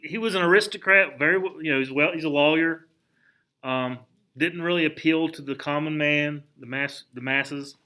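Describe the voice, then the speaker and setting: A male history teacher lectures his class in a lively, conversational way and keeps firing rhetorical questions at the students. His voice sits fairly high and sounds bright and forceful. He restarts his sentences often as he talks.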